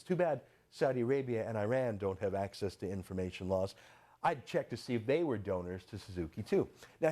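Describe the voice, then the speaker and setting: A man's voice: mid-range voice, a little mellow. A man delivering sarcastic political commentary, full of rhetorical questions.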